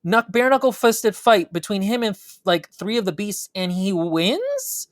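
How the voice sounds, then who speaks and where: A woman's voice: mid-range voice, very animated, normal speed, dry recording. A woman co-hosting a book review podcast, giving sarcastic, dry commentary in casual chat. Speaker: podcast co-host.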